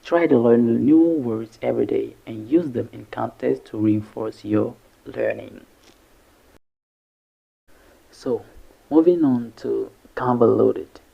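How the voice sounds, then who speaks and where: A man with a husky, gravelly voice teaches English pronunciation, repeating each syllable slowly and deliberately. His delivery is unhurried and methodical, and the recording sounds dull and lo-fi. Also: mid-range voice. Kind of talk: pronunciation lesson.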